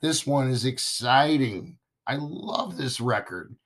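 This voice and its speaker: A man hosting a podcast in a casual, chatty monologue, his voice hoarse and raspy as he recovers from losing it. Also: mid-range voice, lively intonation, takes it slowly, a bit bright. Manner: chatty, enthusiastic, talks straight to listeners. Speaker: podcast host.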